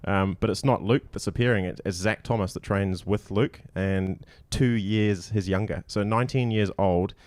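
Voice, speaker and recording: Lower-pitched man, casual co-host. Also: fairly even intonation, normal speed, hardly any pauses, darkish tone, no room sound. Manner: teasing, emphatic, prone to restarts. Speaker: podcast co-host. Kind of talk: casual chat and leaderboard breakdown.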